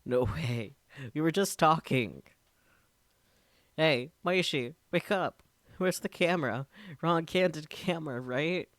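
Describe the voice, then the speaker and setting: A man voicing a panicked, distraught young man in a visual novel, shouting frantically in a raised voice. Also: on the high side, slow, long pauses, dry recording, clean studio sound, voice pushed up. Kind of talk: reading a visual novel aloud on stream.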